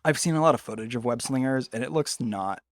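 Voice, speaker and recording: A young man co-hosts a relaxed podcast, cracking jokes and tossing in quick asides. His voice sits in a middle range. It is recorded close and dry. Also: mid-range voice, no echo. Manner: joking, quick asides, laughs often. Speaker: podcast co-host. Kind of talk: casual chat.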